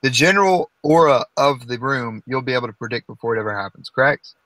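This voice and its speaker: A man's voice: medium pitch, quick pace, pushed and bright, dry recording, low-quality recording. A man in casual group talk, handing out blunt, profane advice and pushing his point hard.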